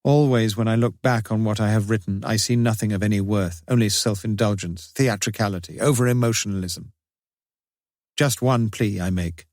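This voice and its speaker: A low-voiced, anguished father pours out his confessional diary in a solemn, despairing, theatrical way, as a man reads it. The sound is close and dry. He stays heavy and grieving throughout. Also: normal speed, a little mellow, no room sound, natural voice.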